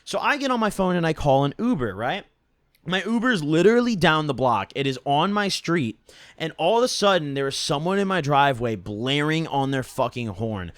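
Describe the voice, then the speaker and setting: A man's voice: fairly high pitch, big pitch swings, moderate pace, no room sound. A young man casually telling a rambling, profane story from his own life and tagging his sentences with "right?". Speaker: storytime vlogger.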